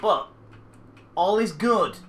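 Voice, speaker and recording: Gamer commentary, excitable and jumpy, slow drawn-out talk, bright tone, pitch swinging widely. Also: slight background noise. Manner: excitable, talks back at the game, jumpy. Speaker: gamer playing a horror game. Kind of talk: let's play commentary.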